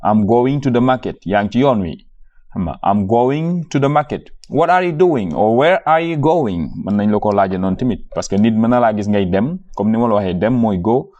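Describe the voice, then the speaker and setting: A man with a Wolof accent teaches a beginner class, repeating each phrase slowly and patiently before he explains it. His voice sits fairly low. The recording sounds dull and lo-fi. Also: mellow. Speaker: language teacher. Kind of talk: beginner language lesson.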